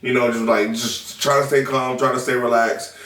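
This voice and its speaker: A man's voice: medium pitch, flat delivery, moderate pace, a bit bright. A man from the South, telling a story in a casual vlog chat, laughing and swearing freely. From Southern United States. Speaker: vlogger, new father. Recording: echoey room, mic at a distance.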